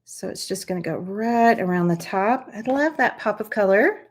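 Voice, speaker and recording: A woman's voice: medium pitch, lively intonation, moderate pace. A woman hosting a live craft stream, chatting as she demonstrates each step. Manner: chatty, encouraging, talks viewers through each step. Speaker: craft channel host.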